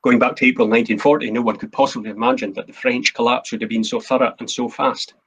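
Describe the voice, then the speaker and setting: A man's voice: mid-range voice, fairly even intonation, fast, a bit bright, husky, highs cut off. A man, the host and a historian, giving an earnest, emphatic history talk from his notes. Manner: earnest, emphatic, quotes speeches in a plain voice.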